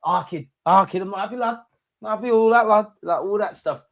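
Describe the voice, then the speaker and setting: A man's voice: sits high, fairly quick, gravelly, a bit bright, pitched above the performer's own voice. A man putting on a Scouse accent to mock a grumbling, unhappy adult male Liverpool supporter, in a whiny complaining manner.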